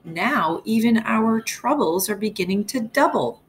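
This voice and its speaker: A woman voicing an angry, flustered husband in a folktale, yelling in exasperation. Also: a little high, lively intonation, a little slow, slight background noise, voice pushed up.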